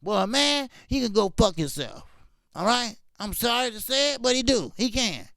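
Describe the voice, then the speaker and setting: A very high, gravelly voice with a bright, forceful tone comes across animated at a moderate pace, in a dry, studio-quality recording. The man hosts a boxing talk stream, giving live-stream commentary and reading chat, greeting his viewers amid fierce, repetitive, profane rants.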